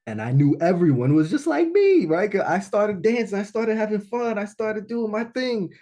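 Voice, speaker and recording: A high-pitched man, speaking at a moderate pace, tells a live audience at a business launch event an animated personal story, regularly checking in with "right?"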